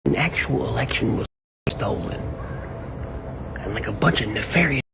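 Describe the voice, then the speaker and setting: A man ranting casually and profanely, rambling and animated. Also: lowish voice, fast, creaky, music in the background, low-quality recording. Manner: profane, rambling, animated, quotes people in mock voices. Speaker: online commentator. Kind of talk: casual rant to camera.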